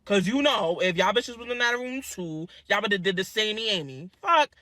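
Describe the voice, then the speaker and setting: Vlogger, woman: swinging, lively pitch, foul-mouthed storyteller, dry close sound. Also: moderate pace, no room sound. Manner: crude, animated, swearing. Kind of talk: casual storytelling.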